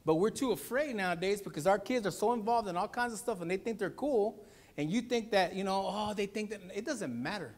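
A pastor preaching a Sunday sermon, telling a family story with acted-out voices. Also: male voice, high-pitched, brisk. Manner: animated storytelling, acts out voices.

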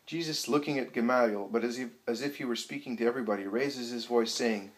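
A man narrating a book aloud, measured, with small slips. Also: mid-range voice, rough recording.

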